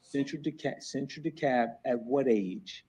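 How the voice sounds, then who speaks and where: Husky man with a Jersey accent. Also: medium pitch, warm tone. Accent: New Jersey. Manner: hurried, friendly. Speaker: defense attorney. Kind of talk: courtroom questioning. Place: courtroom.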